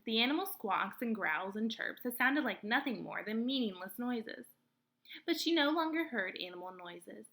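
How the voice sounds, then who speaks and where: A woman reads a children's novel aloud, telling the story in a clear, expressive way. Her voice is bright and forward, with a gravelly fry at the ends of phrases. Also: mid-range voice. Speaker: read-aloud host. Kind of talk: storybook read-aloud narration.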